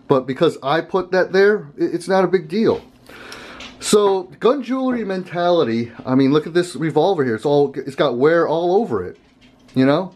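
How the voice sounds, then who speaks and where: A man's voice: on the high side, a little mellow. A man hosting a casual gun vlog, talking to camera in a rambling, conversational way and chuckling often. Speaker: gun channel host.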